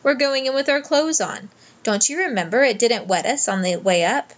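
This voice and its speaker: An eager, curious young boy in a storybook reading, voiced by a woman narrator. His voice sits a little high and comes through slightly muffled, and he exclaims easily when something catches his eye. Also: moderate pace, lightly acted. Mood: plain.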